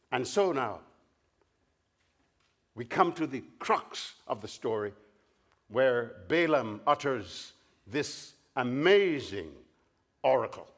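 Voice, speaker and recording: Preacher, male, fairly high-pitched, story-driven sermon delivery with acted-out dialogue. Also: fairly bright tone. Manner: storytelling, acts out dialogue in different voices. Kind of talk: Bible study sermon. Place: large meeting hall or tent.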